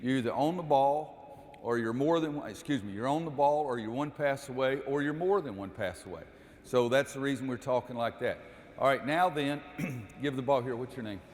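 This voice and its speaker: Slight background noise sits under this mid-range male voice at a moderate pace. An older coach runs a defensive basketball drill in a big, echoey gym, instructing players step by step and calling out the same commands again and again.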